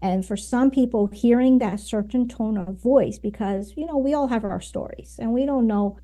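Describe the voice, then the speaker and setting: Interviewed as a guest, a communication coach explains her ideas conversationally, often using fillers and tag questions. She speaks at a normal speed in a warm, fairly high voice.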